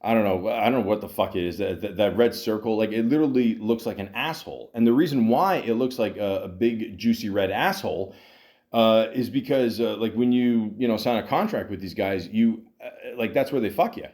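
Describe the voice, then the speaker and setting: Talking a little fast in a lowish, darkish voice, a middle-aged Canadian podcast host wanders through a hockey discussion. His speech is full of profanity, filler words and false starts.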